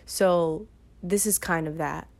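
A young woman of nineteen from Brooklyn, speaking in a fairly low voice. She rambles through a casual solo podcast with plenty of ums and self-corrections, sounding unplanned and off the cuff. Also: fairly even intonation, slow pace, creaky. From Brooklyn, New York. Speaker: podcast host.

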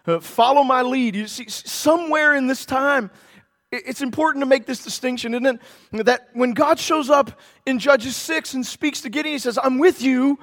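Animated high-voiced male preacher. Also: normal speed, in a large hall. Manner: animated, acts out Bible characters in voices. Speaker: pastor. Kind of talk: sermon.

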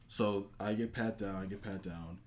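Lower-voiced young man telling a story. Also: moderate pace. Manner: animated storyteller, acts out quotes in a rising voice. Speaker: podcast co-host. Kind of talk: casual storytelling chat.

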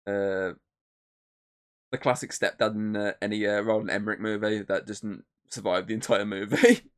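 A man's voice: on the low side, level tone, moderate pace. A man co-hosting a podcast, chatting casually, rambling with lots of filler words and swearing. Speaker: podcast co-host. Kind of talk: casual chat.

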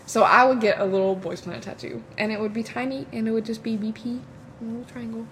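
A woman's voice: a little high, fairly even intonation, quick pace, fairly bright tone, a little hiss or hum. A young woman co-hosting a podcast in casual chat, telling stories dramatically with bursts of laughter and casual swearing. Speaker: podcast co-host.

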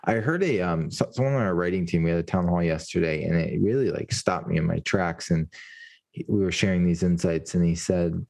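A man's voice: low voice, fairly quick, vocal fry, a little mellow. A man hosting an interview, reflective and affirming, talking in long rambling turns. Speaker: podcast host. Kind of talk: podcast interview.

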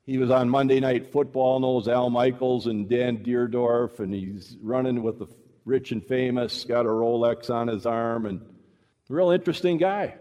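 A man preaching a sermon to a congregation, telling a story and acting out the dialogue with lively shifts in pace. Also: medium pitch, moderate pace. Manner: animated, acts out dialogue, shifts pace often. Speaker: preacher teaching evangelism. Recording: long hall reverb.

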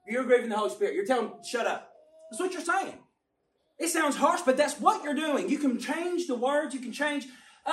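A man preaching a sermon with passion, swinging from quiet, low remarks up to emphatic shouts. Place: church hall. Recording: roomy sound from a distant mic.

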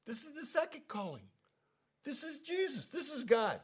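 Brief: man leading a Bible study, easygoing and conversational, pitch swings widely as he gets into it. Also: normal speed, husky. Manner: conversational, animated, lots of "you know what I mean". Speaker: pastor. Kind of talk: casual Bible study teaching.

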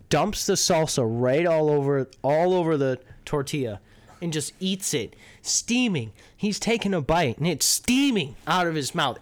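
A young man co-hosting a podcast, telling a story in casual chat, animated and profane, laughing as he goes. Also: fairly high pitch, no echo. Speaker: podcast co-host.

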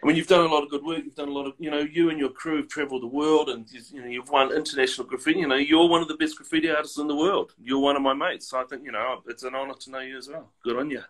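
A man telling casual, profane stories as a guest in a relaxed chat. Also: on the high side, rapid-fire, hardly any pauses, rough recording. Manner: profane, laid-back anecdotal.

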